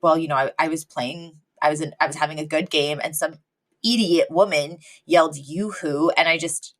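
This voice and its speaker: A man's voice: fairly high pitch, fairly even intonation, normal speed, a bit bright. A woman voicing a grown male pop star who begs for approval like a needy child, whiny and pleading. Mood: dejected.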